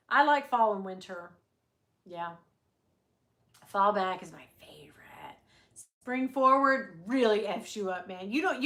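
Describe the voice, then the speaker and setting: Bright-voiced chatty woman livestreaming. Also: medium pitch. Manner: chatty, swears freely, frequent laughs. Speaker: livestream host. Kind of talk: casual livestream chat.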